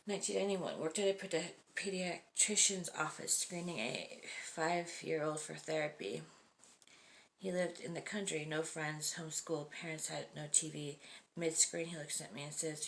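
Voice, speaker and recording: A woman hosting a video, reading short stories aloud and breaking off for casual comments and soft, whispered asides. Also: low voice, steady tone, normal speed, vocal fry, a little hiss or hum. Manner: laughs often and drops to whispered asides. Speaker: host.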